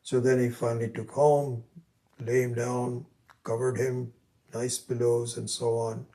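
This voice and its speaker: A man teaching Vedanta, telling a story in a halting way and acting out its voices. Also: medium pitch, flat delivery, mellow. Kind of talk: spiritual lecture with storytelling.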